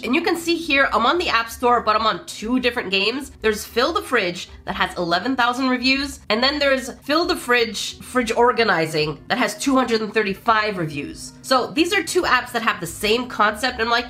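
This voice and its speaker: A woman hosts a casual let's play of a mobile game for her gaming channel, playful and expressive, tossing jokey asides to viewers with big jumps in pitch. She talks at a normal speed with hardly any pauses.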